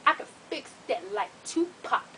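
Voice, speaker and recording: A woman imitating a pushy, odd grown man who makes smooth, wheedling come-ons, her voice dropped lower and softer. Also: moderate pace, lightly acted. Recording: distant mic with faint hiss.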